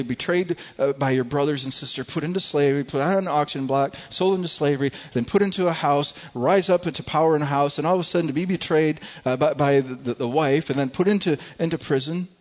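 Guy preaching a sermon, earnest and emphatic, kinda muffled lo-fi audio. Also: mid-range voice. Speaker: pastor.

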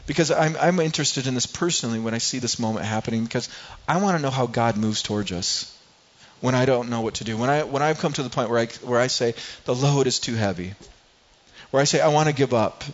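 A man's voice: mid-range voice, fast talker, muffled recording. A man preaching a sermon as a pastor, earnest and asking rhetorical questions.

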